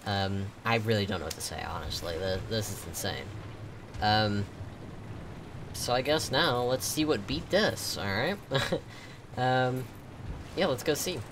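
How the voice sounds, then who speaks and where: A man's voice: fairly low pitch, measured pace, long pauses. Young guy gushing over game builds, gasps and ums a lot, faint hum behind. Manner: excitable, gasping, many ums. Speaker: game creator reviewing builds. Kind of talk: casual game commentary.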